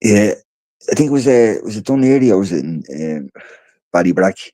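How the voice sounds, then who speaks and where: A man's voice: fairly low pitch, expressive, normal speed, warm tone, no room sound. A tired Irish man hosting a livestream, telling stories in a loose, rambling way, swearing freely and repeating his words. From Ireland. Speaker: livestream host. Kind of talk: casual rambling storytelling. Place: indoors, home.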